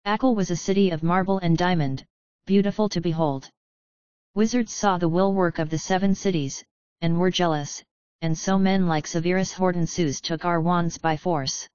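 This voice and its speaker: A woman's voice: fairly low pitch, fairly even intonation, normal speed, a little mellow, clear, resonant tone, no room sound, lo-fi sound, close to an everyday voice. A woman voicing a small, proud, bitter male goblin leader who gives a grand speech in a raw, emotional voice.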